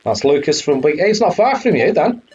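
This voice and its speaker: A man's voice: fairly high pitch, sing-song, brisk, darkish tone, breathy edge, dull audio, soft background music. A man hosting a retro game live stream, chatting casually and swearing now and then. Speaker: streamer host.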